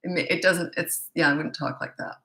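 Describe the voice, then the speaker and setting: A woman's voice: fairly low pitch, fairly even intonation, a little fast, sharp tone, echoey room. A middle-aged woman parenting coach reading viewer questions and answering them in a blunt, opinionated, casual way.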